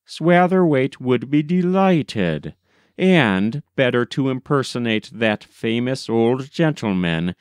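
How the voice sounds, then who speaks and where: Slow, smooth-voiced male storyteller. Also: mid-range voice, expressive, dry recording, studio quality. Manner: measured, gentle storytelling. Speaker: audiobook narrator. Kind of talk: scripted narration.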